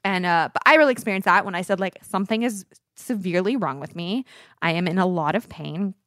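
A woman's voice: fairly low pitch, fast, fairly bright tone, no room sound. Chatty woman telling a story, dry close mic. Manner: storytelling, many fillers, acts out quotes. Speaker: podcast co-host. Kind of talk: casual chat.

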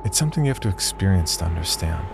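A man's voice: deep voice, sing-song, very fast, vocal fry, background noise. A man telling a first-person horror story as a scripted narration, with wry, dry humor.

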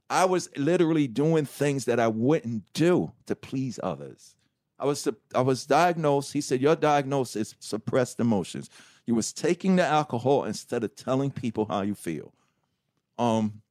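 A middle-aged man, telling his life story candidly in an interview, swearing freely and acting out what others said to him. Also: mid-range voice. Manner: animated, swearing, acts out quotes. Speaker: guest.

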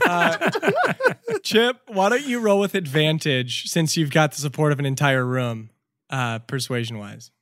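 A young adult man narrating a tabletop game as game master, measured and soft, with frequent "um"s. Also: on the high side, expressive, no echo, clean studio sound.

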